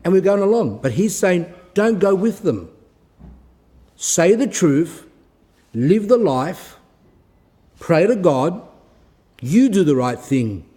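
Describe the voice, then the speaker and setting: Aussie guy lecturing on faith, kinda high voice but mellow, blunt and preachy. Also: sing-song. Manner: blunt, moralizing, slows down to read quoted passages. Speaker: Orthodox Christian speaker. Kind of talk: recorded moral talk, reading and commenting on a text.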